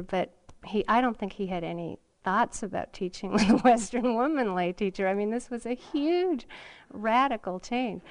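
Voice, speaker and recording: Gentle woman giving a dharma talk. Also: mid-range voice. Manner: gentle, reflective, with soft laughs and whispered asides. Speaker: meditation teacher. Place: retreat center meditation hall.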